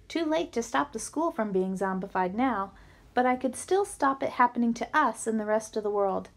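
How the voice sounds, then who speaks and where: A woman reading a children's novel aloud with lively storytelling. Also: fairly high pitch, moderate pace. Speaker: book reader.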